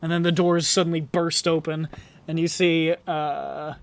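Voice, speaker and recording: An animated game master narrating a tabletop game, rambling through the action with frequent laughter. Faint music plays underneath. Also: medium pitch, unhurried, vocal fry.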